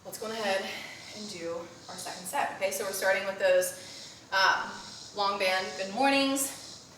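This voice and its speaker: A woman's voice: medium pitch, normal speed, fairly bright tone, slight background noise. A young woman teaching a postpartum workout, cueing breaths and reps while a little out of breath and often checking in with "okay?". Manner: coaching, cues breathing and reps, frequent "okay?". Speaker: postpartum fitness instructor. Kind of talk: live workout instruction. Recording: very echoey room, mic at a distance.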